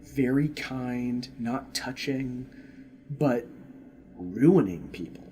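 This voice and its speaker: A man in casual chat who reacts in an animated way, swears freely and sometimes drops into hushed asides. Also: medium pitch, drawn-out words, a little hiss or hum. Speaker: co-host.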